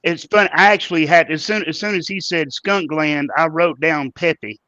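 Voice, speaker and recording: A man's voice: fairly high pitch, steady tone, normal speed, bright, forceful tone, no echo, highs cut off. A man playing in a tabletop game, chatting casually with stammering restarts. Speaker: player. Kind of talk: casual chat.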